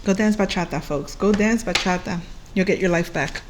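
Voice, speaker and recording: A faint hiss or hum sits under this woman's medium-pitched voice as she talks at a moderate pace. Reading astrology casually, she's chatty and playful, often laughing and slipping into bits of song.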